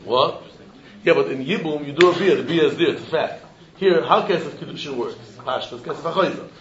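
A man giving a Talmud lesson in a lively, questioning way, mixing Yiddish terms into his English. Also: fairly high pitch, brisk. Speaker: Talmud teacher. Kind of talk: yeshiva-style Talmud lesson. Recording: dull echoey room with faint noise.

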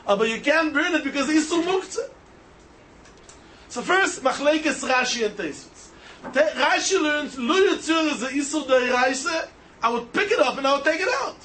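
Style Talmud teacher, male, bright sharp tone, sing-song and animated, faint ambient hum. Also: extremely high pitch, normal speed. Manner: animated, mixes Hebrew, Aramaic and Yiddish terms into English, sing-song reasoning. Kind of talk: yeshiva-style Talmud lecture.

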